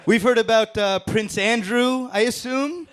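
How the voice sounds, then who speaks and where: A man's voice: very high-pitched, measured pace, fairly bright tone, some chatter behind. A man doing a crude, brash roast-battle stand-up set on stage. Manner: brash, crude punchlines with laughs. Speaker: stand-up comedian. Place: comedy stage before a live audience.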